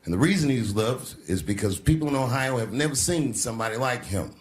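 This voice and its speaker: A man's voice: medium pitch, lively intonation, fairly quick, hardly any pauses. A man doing stand-up comedy, telling stories in a loose, conversational way and acting out other people's voices. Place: theater stage. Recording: live show in a large hall, faint ambience.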